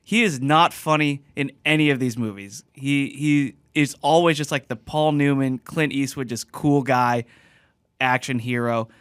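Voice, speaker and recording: A man co-hosting a casual podcast chat, animated, laughing often and trailing off into restarts. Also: medium pitch, measured pace, clear, resonant tone, no echo, clean studio sound. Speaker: podcast co-host.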